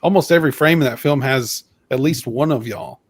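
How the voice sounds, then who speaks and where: A man's voice: medium pitch, fairly quick, dry recording, studio quality. A man co-hosting a podcast, telling casual stories and mimicking people's voices when he quotes them. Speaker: podcast co-host. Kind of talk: casual chat.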